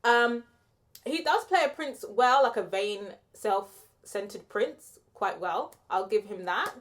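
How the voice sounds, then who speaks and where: A woman's voice: a little high, unhurried, fairly bright tone. A young woman giving a casual, opinionated spoken film review, chatty and full of "like" and "um".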